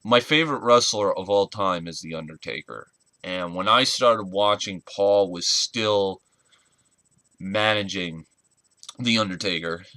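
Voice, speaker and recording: A man in his twenties giving an earnest, halting spoken tribute in a casual vlog, often searching for words. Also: low-pitched, sharp tone, dry recording. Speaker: wrestling fan vlogger.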